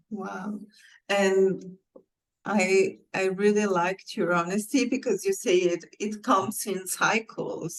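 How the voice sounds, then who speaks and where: A woman podcast host with a lowish voice who takes her time over every phrase. She talks in a measured, encouraging way and keeps affirming her guest. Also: rough recording. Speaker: podcast host and executive coach. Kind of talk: casual interview chat.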